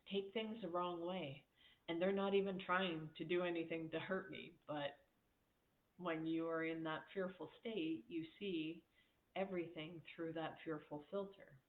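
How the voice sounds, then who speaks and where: A woman life coach giving a casual motivational talk, speaking candidly, laughing often and mimicking voices when she quotes people. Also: lowish voice. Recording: echoey room over a tinny phone-like line.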